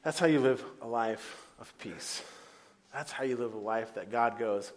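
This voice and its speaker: A man preaching a sermon as pastor in a church, playful and animated, acting out the voices he quotes. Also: mid-range voice, a little slow. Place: church hall before a congregation.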